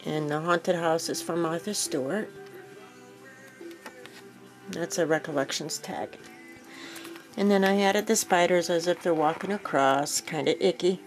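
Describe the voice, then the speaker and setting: A woman casually walking viewers through a craft project, relaxed and rambling, with frequent fillers and self-corrections. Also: lowish voice, measured pace, long pauses, music in the background, low-quality recording. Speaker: crafting vlogger. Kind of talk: casual show-and-tell walkthrough.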